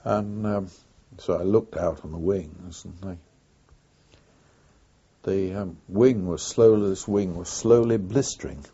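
An older man, a former wartime pilot, recounting his memories in an oral history interview with an unhurried, reflective pace and frequent pauses. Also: low-pitched, dark tone, slightly rough. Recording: dull lo-fi recording.

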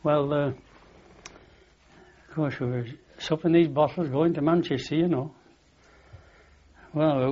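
A man's voice: mid-range voice, a little mellow. Older Lancashire man spinning a rambling yarn. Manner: chatty, repeats "I said", laughs at his own story. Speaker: interviewee. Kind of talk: rambling anecdotal reminiscence. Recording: dull lo-fi recording.

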